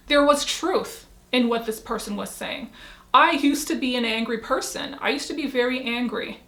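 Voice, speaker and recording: A woman's voice: fairly high pitch, fairly bright tone. A woman YouTuber talking casually to camera, telling a personal story with reflective asides to herself. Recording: roomy echo.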